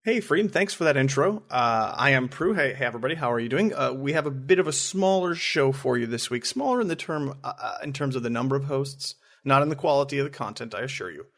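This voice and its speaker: A man's voice: medium pitch, expressive, quick pace, few pauses, fairly bright tone. A man co-hosting a podcast, chatting casually and often repeating words as he talks. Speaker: podcast co-host.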